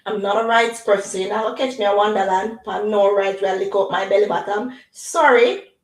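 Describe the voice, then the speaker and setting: A middle-aged woman chatting casually on her livestream, animated and drifting into patois. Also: mid-range voice, a little fast. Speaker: livestream host. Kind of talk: casual chat. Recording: echoey room.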